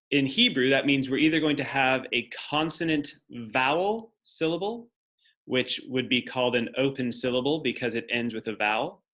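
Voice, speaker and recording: In a classroom lecture, a man with a mid-range, slightly bright voice explains the material step by step. He talks his thinking through aloud while writing on a board, as a teacher.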